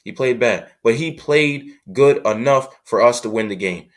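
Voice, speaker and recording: Male sports show host, frustrated fan commentary, emphatic and repetitive, mid pitch. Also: moderate pace.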